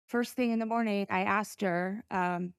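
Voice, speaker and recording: A middle-aged woman, a podcast guest, telling a personal story in an earnest, halting way with pauses to gather herself. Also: medium pitch, steady tone, clean tone, dry recording, clean studio sound.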